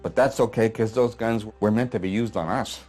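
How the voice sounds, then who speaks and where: Man reading a gruff old veteran, low-ish voice, blunt and profane. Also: brisk, a little mellow, faint music behind, close to an everyday voice. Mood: weary. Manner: coarse, blunt storytelling with swearing. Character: old war veteran, gruff, haunted, working-class. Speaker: playwright reading his play aloud. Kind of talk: dramatic monologue reading. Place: apartment living room.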